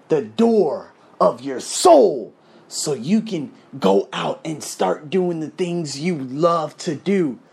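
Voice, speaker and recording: A man hosting his own podcast, giving an exuberant motivational monologue that swings from loud, excited bursts to low, calm talk. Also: husky. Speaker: podcast host.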